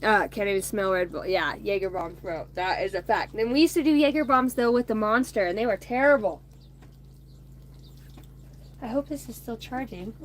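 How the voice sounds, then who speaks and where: A woman's voice: mid-range voice, animated, normal speed, a little hiss or hum. A woman in her thirties hosting a casual card-reading chat on a phone outdoors, rambling, swearing and laughing between remarks. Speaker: oracle card reader streaming to viewers. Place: outdoors by a bonfire at home.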